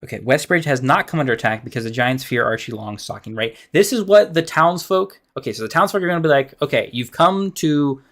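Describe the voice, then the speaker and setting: A man streaming as a dungeon master, thinking aloud while planning a game, halting and trailing off into mumbles. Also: mid-range voice, expressive, fairly bright tone.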